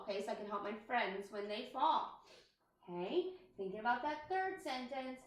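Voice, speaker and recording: A woman's voice: sits high, big pitch swings, moderate pace. A woman kindergarten teacher giving a recorded writing lesson to young children, speaking in a sing-song voice with exaggerated inflection. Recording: very echoey room, distant mic.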